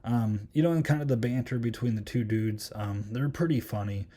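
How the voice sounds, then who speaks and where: Podcast guy reviewing a movie, lots of um and like, mellow darkish voice. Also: mid-range voice, normal speed. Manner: rambling, many ums and likes. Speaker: podcast host. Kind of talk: casual film review chat.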